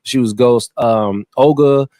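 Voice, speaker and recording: A man's voice: medium pitch, slow pace, no room sound, clean studio sound. A man hosting a podcast, chatting casually and loosely about a film, often tripping over names. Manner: relaxed, slangy, stumbles over names. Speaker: podcast host. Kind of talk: casual movie-review chat.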